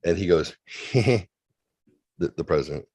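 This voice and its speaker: A man's voice: deep voice, animated, a little slow, a little mellow, slightly rough, dry recording. A man co-hosting a comedy show over a remote call, telling a bawdy story and acting out the other people's lines with playful relish. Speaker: co-host. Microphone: remote video call.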